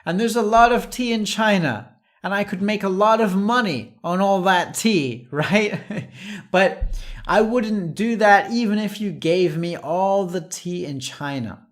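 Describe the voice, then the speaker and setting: A middle-pitched voice belongs to a patient teacher of English explaining common everyday expressions. The pace stays careful and unhurried, each sample phrase is spoken slowly and said again, and occasional soft chuckles come between points.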